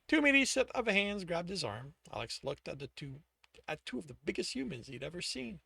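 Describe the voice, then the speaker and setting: Gravelly man reading his own novel. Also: high voice, big pitch swings, brisk, sharp tone, no echo. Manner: self-correcting as he reads. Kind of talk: audiobook-style reading aloud.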